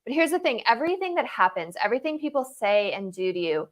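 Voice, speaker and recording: A woman's voice: fairly high pitch, sing-song, fast. A woman guest coach talking in a casual interview, making emphatic points in rhythmic repeated lists and checking in with "right?".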